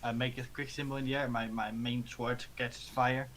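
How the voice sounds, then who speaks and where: A man playing a tabletop game, speaking haltingly and restarting words often. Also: medium pitch, level tone, fairly bright tone, a little hiss or hum. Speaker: player. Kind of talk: casual chat during a tabletop game.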